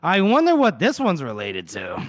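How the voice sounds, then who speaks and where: Male podcast co-host, high voice, close dry mic, swears freely while retelling scenes. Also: huge pitch swings, normal speed, no echo. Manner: loose and profane, acting out quoted lines. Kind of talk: casual book-discussion chat.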